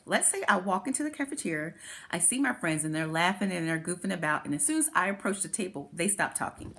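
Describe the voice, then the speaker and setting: A woman's voice: fairly low pitch, lively intonation, fast talker, creaky, fairly bright tone. A woman hosting a talk, explaining a therapy idea step by step through everyday examples. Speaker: host.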